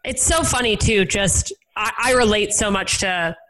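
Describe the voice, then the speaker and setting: A woman hosting a podcast in casual chat, chatty and quick to laugh, swearing now and then. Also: mid-range voice, a bit bright, poor audio. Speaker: podcast host.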